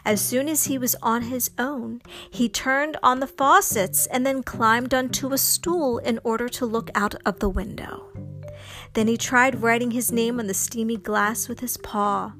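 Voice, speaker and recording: A woman reading a children's story aloud, expressive and lively. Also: on the high side, a little slow, soft background music.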